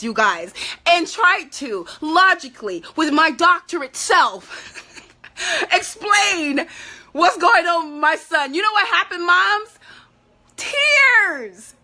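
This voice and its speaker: A woman's voice: very high voice, big pitch swings, slow pace, bright, forceful tone. A woman speaking candidly and emotionally to other parents, tearful at times. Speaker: parent support vlogger. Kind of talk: heartfelt talk to camera.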